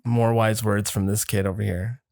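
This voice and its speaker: A man's voice: fairly low pitch, little pitch movement, normal speed, vocal fry, darkish tone, dry recording, clean studio sound. A young man hosting a podcast, rambling through stories, swearing and acting out quotes in a raised voice. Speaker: podcast host. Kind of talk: casual chat.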